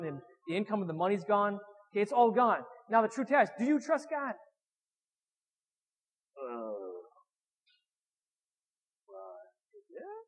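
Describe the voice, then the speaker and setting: A man preaching a sermon, animated, acting out whiny voices with sudden loud and soft turns. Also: high voice, long reverb tail, rough recording.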